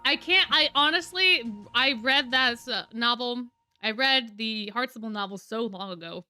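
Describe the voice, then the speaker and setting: A woman's voice: fairly high pitch, moderate pace, bright, forceful tone, clear, resonant tone, no room sound, faint music behind. A woman streamer chatting and reading a novel aloud, laughing often between thoughts. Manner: chatty, laughing, hedging asides. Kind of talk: live read-aloud with chat.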